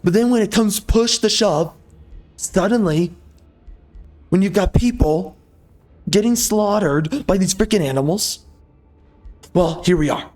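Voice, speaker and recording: A man's voice: sits high, unhurried, pauses often, darkish tone, faint music behind. A man from the United States ranting angrily over gameplay, firing off rhetorical questions and minced swear words. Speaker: gameplay video host.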